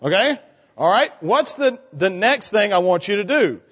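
A man's voice: sits high, big pitch swings, moderate pace, fairly bright tone, husky. A man leading a children's sermon in a church, coaxing the kids with questions. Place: church sanctuary. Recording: church hall reverb, dull lo-fi sound.

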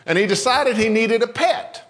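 A man with a high voice preaching a relaxed, folksy sermon, telling a story and circling back on his words as he goes. His voice rings with the long reverb of a church hall. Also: normal speed. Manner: conversational, folksy storytelling with many restarts. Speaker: pastor. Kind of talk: sermon with a told joke. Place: church sanctuary.

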